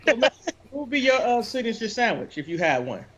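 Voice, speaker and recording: A high-pitched man teasing his co-hosts in a casual watch-along chat, throwing questions at them. The recording sounds dull and muffled, with faint noise behind him. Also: sing-song, moderate pace, fairly bright tone. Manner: teasing, asks the others questions. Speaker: co-host.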